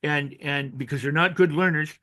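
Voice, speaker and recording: An older man, an author and coach, talking in an interview with animated storytelling, acting out quoted voices and often restarting his sentences. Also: on the high side, normal speed. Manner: frequent restarts and repetitions. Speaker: author and personal growth coach. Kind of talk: interview conversation.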